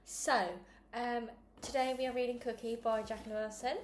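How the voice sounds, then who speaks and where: A chatty, upbeat woman introducing and then reading a children's book aloud. Her voice sits a little high, and there is a faint hiss behind it. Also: flat delivery, moderate pace. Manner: chatty and upbeat, self-deprecating. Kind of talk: casual intro, then read-along narration.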